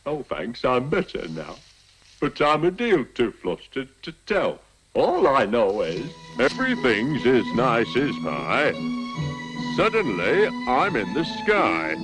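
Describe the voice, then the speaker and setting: Flustered, timid Bill the lizard. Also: male voice, mid-range voice, wildly swooping pitch, slow pace, a bit bright, heavily acted, poor audio. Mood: dazed. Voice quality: homely, flustered rambling. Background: background music.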